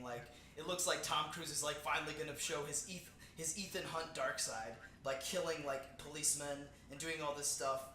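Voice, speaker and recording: A man co-hosting a casual movie review chat, animated and quick to laugh, acting out lines and humming a theme. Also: on the high side, a little hiss or hum. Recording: echoey room.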